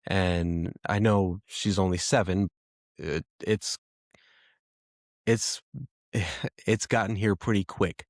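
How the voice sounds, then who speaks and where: A man in his thirties hosting a podcast, telling a personal story in a reflective, halting way with frequent restarts. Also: deep voice, fairly even intonation, no echo, studio quality. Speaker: podcast host.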